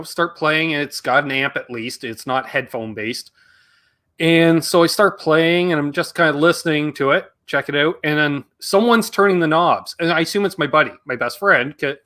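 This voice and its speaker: A man's voice: on the high side, pushed and bright. A man hosting a casual chat, telling a friendly, chatty story. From Canada. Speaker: host.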